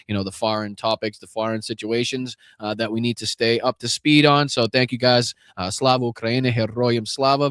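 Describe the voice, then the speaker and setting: A man's voice: fairly low pitch, dry recording, clean studio sound. A man with a Boston accent hosting a live political podcast, talking bluntly and profanely with lots of fillers and restarts.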